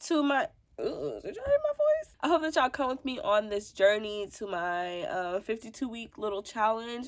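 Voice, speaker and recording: A woman in her twenties with a congested voice, giving frank, sassy advice in a casual sit-down vlog. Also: medium pitch. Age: 20s. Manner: frank, sassy, talks straight to viewers. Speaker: mom vlogger.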